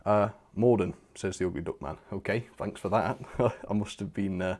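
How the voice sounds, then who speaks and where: In a low, darkish voice at normal speed, a young man runs a model railway live stream. He's cheerful and chatty as he thanks his viewers, scattering fillers and small laughs, a bit short of breath.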